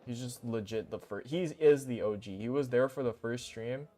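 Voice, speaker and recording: A young man streaming a game, talking casually in a goofy, excitable, rambling way full of slang. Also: medium pitch, moderate pace, faint music behind. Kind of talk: casual live-stream commentary.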